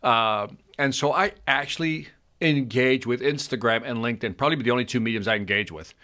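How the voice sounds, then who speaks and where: A man's voice: medium pitch, fairly quick, bright, forceful tone. A man co-hosting a casual chat who reads out figures and reacts to them, repeating his words as he gets going. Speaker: co-host.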